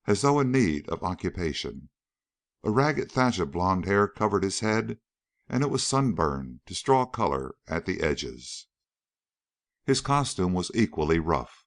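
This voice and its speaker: A man narrating an audiobook in a measured storytelling manner. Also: deep voice. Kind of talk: scripted narration.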